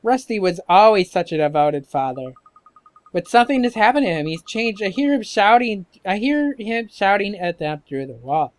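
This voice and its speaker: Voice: medium pitch, big pitch swings, normal speed, no echo, voice pushed up, lightly acted. A gamer voicing a fussy, gossiping old woman neighbor while reading game dialogue aloud. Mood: gossipy. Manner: gushing, gossipy. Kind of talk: let's-play dialogue read aloud.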